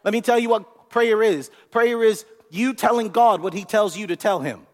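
A man preaching a sermon in an animated way, repeating words and asking the congregation questions. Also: high voice, normal speed. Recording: long hall reverb.

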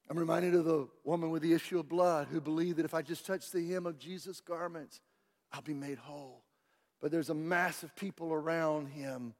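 A pastor preaching to his church, his fairly high voice rising into loud shouted peaks and dropping into hushed lines. The sound rings with long reverb from a large sanctuary. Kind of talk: sermon.

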